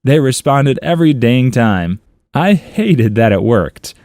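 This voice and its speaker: A man reads online comments aloud for a story channel, playful and amused. His mid-pitched voice swings up and down with a lot of life. The sound is dry and close, with no room around it. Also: lively intonation, measured pace, a little mellow, no room sound.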